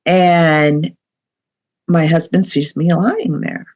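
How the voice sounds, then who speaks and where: A woman's voice: deep voice, fairly even intonation, takes it slowly, a little mellow, highs cut off. A middle-aged woman, a medium, telling a personal story as a podcast guest in a chatty way, with many fillers and asides.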